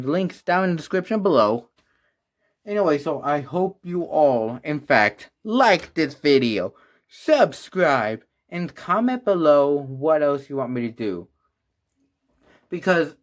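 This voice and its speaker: A man's voice: a little high, very animated, slow pace. A man reviewing toys in a casual vlog, rambling and restarting as he talks, out of breath and sighing. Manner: rambling, restarts often, sighs. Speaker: toy reviewer.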